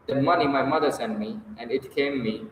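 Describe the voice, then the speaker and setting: A man's voice: medium pitch, brisk, close to an everyday voice. A man reading aloud voices a tormented, bitter young man in an intense, despairing confession. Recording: echoey hall, distant mic, faint hiss.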